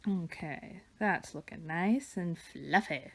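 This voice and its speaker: A woman artist chatting casually while she draws, wandering between stories and soft murmured asides about her work. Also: fairly low pitch, unhurried, gravelly. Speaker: digital artist and vlogger. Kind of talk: casual chat while drawing. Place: home studio with her dog nearby.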